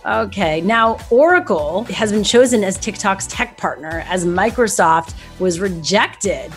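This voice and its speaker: A woman's voice: mid-range voice, expressive, unhurried, hardly any pauses. Chatty woman hosting a news show, light music in the back. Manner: upbeat, chatty, laughs easily.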